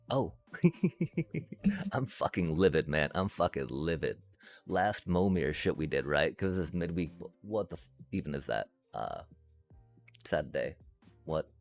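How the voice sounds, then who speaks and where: A man with a very low, gravelly voice rants his way through a card game on stream, swearing at nearly every turn. His pitch swings widely as he vents. Faint music plays underneath. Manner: frustrated, swears constantly, rants. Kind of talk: casual gaming commentary.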